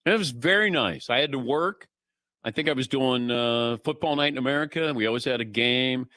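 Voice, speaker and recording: Hosting a sports talk radio show, a middle-aged man chats casually and tells anecdotes, putting on the voices of the people he quotes. His mid-range voice is brisk and sharp, with no room sound.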